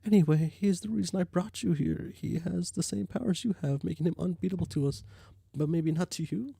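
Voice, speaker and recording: A man's voice: sits high, a little fast, gravelly, warm tone, husky, no echo, studio quality, heavily acted. A man voicing an earnest young woman who patiently coaxes and reasons with a grieving friend while reading a webcomic aloud. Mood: coaxing. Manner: patient, coaxing.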